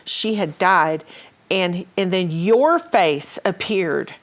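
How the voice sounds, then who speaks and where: A woman's voice: fairly low pitch, lively intonation, slow. A woman hosting a ministry talk show, telling stories in a casual way with many fillers and restarts. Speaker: host.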